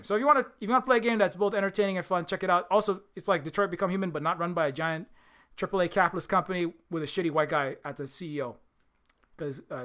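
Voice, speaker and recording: High-voiced rambling man. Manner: rambling, animated, profane, many restarts. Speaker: indie game developer streaming. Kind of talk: casual rambling stream talk.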